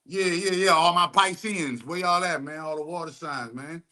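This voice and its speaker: A man's voice: on the high side, normal speed, pushed and bright. A young adult man giving heated, rambling commentary full of profane street slang. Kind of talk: ranting commentary.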